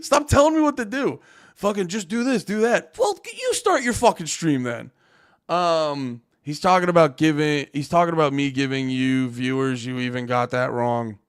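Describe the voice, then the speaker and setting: Male streamer, argumentative, swearing a lot, fairly high voice. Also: moderate pace, smooth. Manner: profane, exasperated, argumentative. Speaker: streamer and comedian. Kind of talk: livestream rant at chat.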